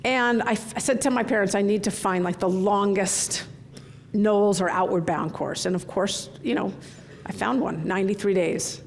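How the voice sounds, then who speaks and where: Gravelly-voiced woman telling keynote stories. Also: medium pitch, moderate pace, slight background noise. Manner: storytelling, candid and animated. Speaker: keynote speaker. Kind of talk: conference keynote talk. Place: large conference hall.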